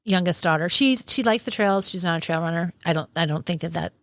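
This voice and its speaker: A woman's voice: lowish voice, fast, dry recording. A woman hosting a podcast in casual chat, encouraging her guest with many "mm-hmm"s and telling stories of her own. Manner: warm listener, many "mm-hmm", tells anecdotes. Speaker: podcast host.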